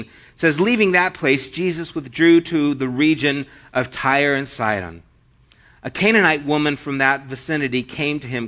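Male pastor, slow deliberate sermon delivery, brightish voice, reads scripture then retells it casually; muffled lo-fi audio. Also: medium pitch. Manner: reads scripture aloud, then retells it in plain everyday speech.

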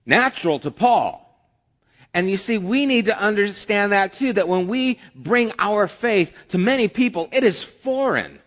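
A man's voice: sits high, animated, unhurried, fairly bright tone. A man preaching a conversational sermon as a pastor, with acted asides. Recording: long hall reverb.

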